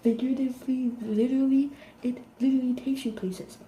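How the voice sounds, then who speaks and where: A woman's voice: high voice, fairly even intonation, brisk, dark tone, echoey room, a little hiss or hum, low-quality recording. A woman delivering an improvised, sarcastic and emphatic rant to camera, lecturing in a pointed tone. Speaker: vlogger.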